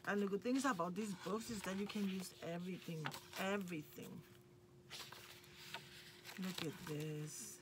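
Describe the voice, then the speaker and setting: Lady going through craft mail, super enthusiastic, unhurried, noisy recording w/ paper crinkling. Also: mid-range voice. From Puerto Rico. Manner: gushing, enthusiastic. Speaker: craft channel host. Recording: noticeable background noise.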